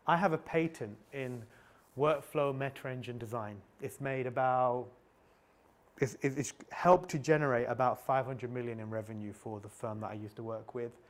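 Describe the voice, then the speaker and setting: Man, middle-aged, tech meetup speaker, mid-pitched voice, candid and anecdotal, stumbles and restarts. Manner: candid, anecdotal, frequent restarts and repeated words. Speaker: conference speaker.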